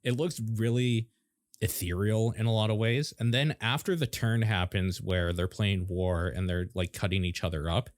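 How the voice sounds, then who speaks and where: A man co-hosting a podcast, chatting in a relaxed, offhand way about a comic and swearing casually. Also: lowish voice, moderate pace, no echo, studio quality. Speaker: podcast co-host.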